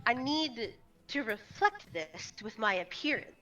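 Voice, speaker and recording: A woman's voice: fairly high pitch, big pitch swings, measured pace, bright, forceful tone, dull audio, voice pushed down, full character voice. A woman voicing an emotional, tender young man adventurer who gushes through tears, from a distant mic. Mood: earnest. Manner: tearful, gushing.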